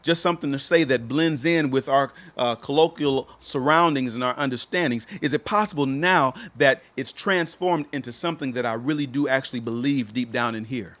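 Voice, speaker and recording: A male life coach giving a motivational talk to listeners, repeating rhetorical questions and moving between soft, drawn-out phrases and emphatic ones. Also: medium pitch.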